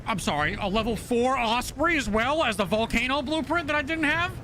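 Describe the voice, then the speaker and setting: A man streaming a video game live, chatting casually and excitably shouting thanks to his supporters. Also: very high voice, fairly quick, a little hiss or hum.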